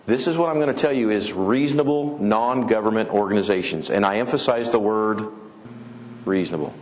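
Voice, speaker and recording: A middle-aged man from Colorado giving a conference talk, an animated storyteller who acts out the people he quotes. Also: lowish voice, brisk. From Colorado, USA. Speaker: conference speaker. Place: conference hall.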